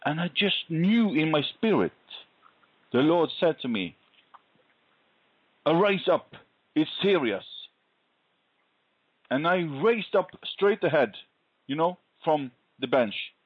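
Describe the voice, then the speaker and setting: Slow, earnest man telling a testimony. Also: a little high, big pitch swings, breathy edge, no room sound. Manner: earnest, deliberate storytelling. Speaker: guest sharing a faith testimony. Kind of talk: conversational interview, personal testimony. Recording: dull lo-fi recording.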